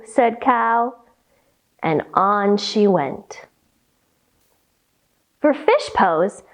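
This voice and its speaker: A woman leading a children's storytime with yoga instruction, reading aloud in a playful, expressive way. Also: sits high. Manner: animated, playful, slow and expressive.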